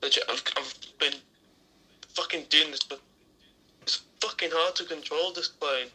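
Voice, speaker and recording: Dude with a super sharp bright voice, freaking out and cursing while flying in a game. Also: male voice, on the high side, fairly even intonation, a little slow. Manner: panicky, swearing outbursts. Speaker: co-player. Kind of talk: casual gameplay chat.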